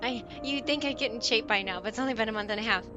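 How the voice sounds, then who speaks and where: A woman's voice: fairly high pitch, racing, highs cut off, over music. A woman streamer in casual live-stream chat, chatty and giggly, often trailing off and restarting her sentences.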